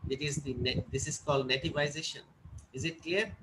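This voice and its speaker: Man, classroom lecture, keeps checking understanding, steady hiss behind. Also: a little high, a little fast. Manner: repeats points and checks "is it clear?". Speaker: teacher.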